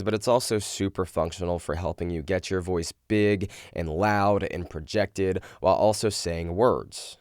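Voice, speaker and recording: A man's voice: sits low, steady tone, normal speed, hardly any pauses, smooth, no echo, studio quality. A young man teaching vocal technique, explaining and demonstrating exercises in an instructional video. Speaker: vocal coach.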